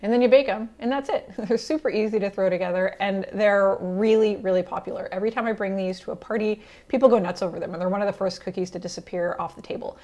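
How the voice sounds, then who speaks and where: A woman's voice: mid-range voice, quick pace, few pauses, darkish tone. A woman hosting a cooking channel, talking casually and enthusiastically to camera with chatty fillers and small laughs. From Italian heritage. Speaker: cooking show host.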